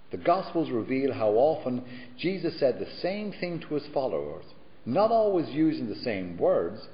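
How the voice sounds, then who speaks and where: A man preaching a sermon in a measured, emphatic way, with deliberate repetition. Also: mid-range voice. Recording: echoey hall, dull lo-fi sound.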